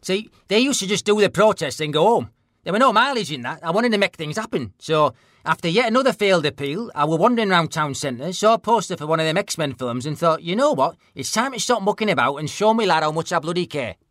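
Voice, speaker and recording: A man playing a deadpan northern bloke. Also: a little high, fast talker, dry recording, clean studio sound. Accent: Northern English. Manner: deadpan, blunt, plain-spoken. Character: gruff northern ex-stalker bloke, blunt. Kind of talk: mock documentary interview.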